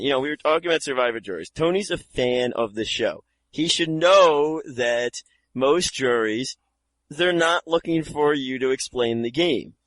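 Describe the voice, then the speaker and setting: A man's voice: on the high side, fairly bright tone, dry recording. Opinionated man co-hosting a podcast. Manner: opinionated, emphatic. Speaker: podcast co-host. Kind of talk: casual chat.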